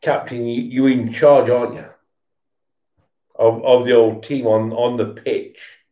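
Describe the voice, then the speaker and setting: A man's voice: medium pitch, level tone, measured pace, dark tone, roomy sound. A tipsy man, swearing and stammering through a casual rant while he watches football. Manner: swearing, repetitive, stammering restarts. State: tipsy from beer.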